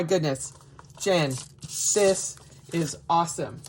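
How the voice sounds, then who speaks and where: A woman vlogger unboxing mail in a casual chat, gushing and excitable with frequent gasps and exclamations. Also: on the low side, slow, a little hiss or hum. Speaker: crafting vlogger.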